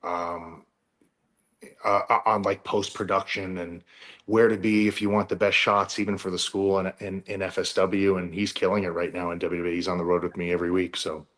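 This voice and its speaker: A man speaking as a wrestling guest in a casual interview, measured and thoughtful. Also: low voice, flat delivery, a bit bright.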